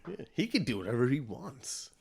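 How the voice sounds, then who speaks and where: A man's voice: medium pitch, very animated, creaky, darkish tone. A man co-hosting a casual podcast, joking around with crude asides. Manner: joking, crude asides, quick put-on voices. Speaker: podcast co-host. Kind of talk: casual chat.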